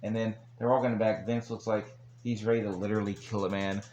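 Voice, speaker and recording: A man's voice: on the low side, little pitch movement, fast talker, a little mellow, muffled recording, slight background noise. A man recapping an old wrestling broadcast in a casual, rambling monologue, chuckling along the way and dropping crude asides. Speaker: wrestling show reviewer.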